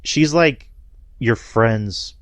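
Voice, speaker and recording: A man co-hosts a podcast in a casual, rambling chat full of fillers and laughter. His mid-range voice drags words out and has a fairly bright tone, recorded at studio quality with no room sound.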